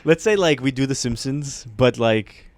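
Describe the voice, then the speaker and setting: A man co-hosting a comedy podcast in casual banter, rambling as he pitches half-formed ideas. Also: normal speed, no room sound. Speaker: podcast co-host.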